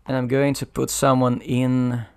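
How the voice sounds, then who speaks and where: A man's voice: medium pitch, completely flat delivery, measured pace, smooth. A man playing a strategy board game on his own, thinking aloud and muttering over the rules as he decides his moves. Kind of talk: solo board game playthrough commentary.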